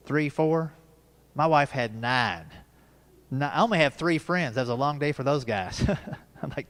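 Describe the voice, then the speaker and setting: A man in his fifties works through a stand-up set with a folksy, storytelling delivery and quick punchlines. His voice sits a little higher than most men's. He is performing live in a church hall. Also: a bit bright. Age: 50s. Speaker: stand-up comedian.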